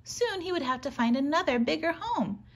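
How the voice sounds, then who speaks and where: Lively woman reading a storybook. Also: sits high, moderate pace. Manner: animated, gentle storytelling. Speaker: preschool teacher. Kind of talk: reading a picture book aloud.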